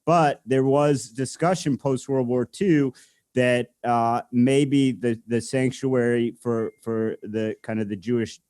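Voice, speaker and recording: A man's voice: medium pitch, steady tone, slow, darkish tone, no echo, clean studio sound. A man co-hosting a casual podcast chat, explaining things at length with many filler words. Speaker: podcast co-host.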